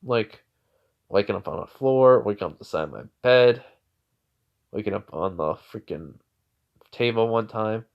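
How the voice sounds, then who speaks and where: A man's voice: fairly low pitch, animated, a little slow, creaky, pauses often. Naruto, a man doing a laid-back teen ninja. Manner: offhand, casual delivery. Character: laid-back teenage boy ninja, easygoing and teasing. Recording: dull lo-fi recording.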